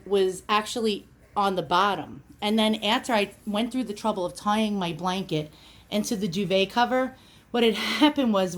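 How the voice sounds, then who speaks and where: A woman with a New York accent giving a casual how-to demonstration, chatty and full of ums and uhs. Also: medium pitch. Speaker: product demonstrator.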